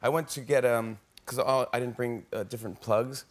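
A man hosting a late-night talk show, telling stories in a lively, stammering, laughing way. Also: medium pitch, normal speed. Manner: animated, laughing storyteller who stammers and restarts. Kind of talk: casual chat. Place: TV studio stage.

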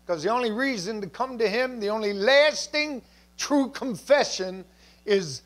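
A man's voice: high-pitched, measured pace, a bit bright. A male pastor preaching a sermon in a church, conversational, with asides and jokes.

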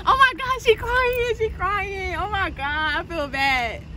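Young female prank vlogger, high voice, animated, laughing, guilty edge; faint background hum. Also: a little slow. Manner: animated, laughing, swings between excited and guilty. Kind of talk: casual vlog chat.

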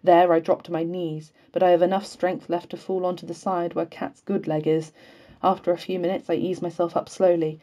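A woman reading a novel aloud as an audiobook in a measured, unhurried way, with occasional slips left in. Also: lowish voice, level tone, dark tone. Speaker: audiobook reader.

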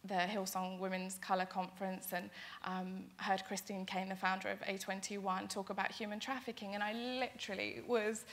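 A woman's voice: medium pitch, flat delivery, moderate pace. A young woman, an interview guest, telling her story in an earnest, eager way, with many fillers and restarts. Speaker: interview guest, charity founder.

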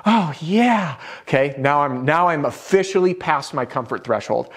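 A man's voice: medium pitch, animated, moderate pace. A man giving a direct, upbeat sales coaching lesson to camera, with a self-deprecating touch. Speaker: sales trainer.

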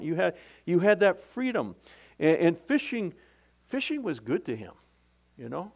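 A man's voice: high-pitched, sing-song, measured pace, vocal fry, pauses often. A middle-aged male pastor preaching a sermon in a conversational, folksy way, often restarting his sentences.

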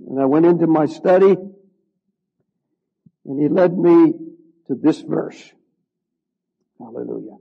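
An older man preaching a sermon, fervent and slow, stretching his words and rising to shouts at the high points. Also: gravelly, slightly rough, lo-fi sound. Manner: slow, drawn-out emphasis. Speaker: pastor.

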